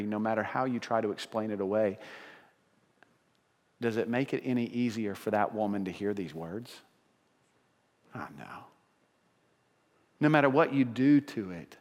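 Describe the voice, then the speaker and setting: A man preaching a sermon as pastor, earnest and emphatic, often restarting his sentences as he builds a point. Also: on the low side. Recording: long reverb of a large hall.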